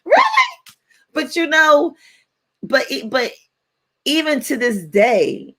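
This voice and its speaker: A woman in her forties, co-hosting a radio talk show and telling stories in a playful, animated way. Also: sits high, takes it slowly. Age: 40s. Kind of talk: casual chat.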